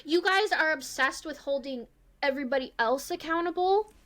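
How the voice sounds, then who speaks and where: A woman in her thirties co-hosts a casual podcast chat, her voice sitting a little high. She talks bluntly and with emphasis, hammering her points home. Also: normal speed, fairly bright tone. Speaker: podcast co-host.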